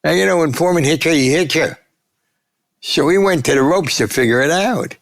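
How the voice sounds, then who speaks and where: Older male storyteller, gravelly, lively anecdotes with acted-out quotes. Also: a little high, brisk, dry recording, studio quality. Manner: animated anecdotes, acting out quotes. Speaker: sportswriter guest. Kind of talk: storytelling interview.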